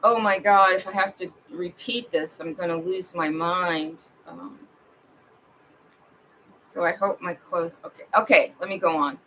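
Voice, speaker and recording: Woman rambling on a home livestream, super slow and drawn out, bright sharp voice. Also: lowish voice, fairly even intonation, slight background noise, poor audio. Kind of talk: rambling personal livestream monologue.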